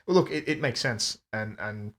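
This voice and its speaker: A man's voice: lowish voice, moderate pace, fairly bright tone. A man co-hosting a book podcast, speaking in a thoughtful, hesitant way and often repeating words. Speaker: podcast co-host. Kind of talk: casual book discussion.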